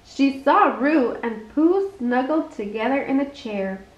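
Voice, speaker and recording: A woman reading a bedtime story aloud in an expressive, unhurried way. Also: high-pitched. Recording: echoey muffled room.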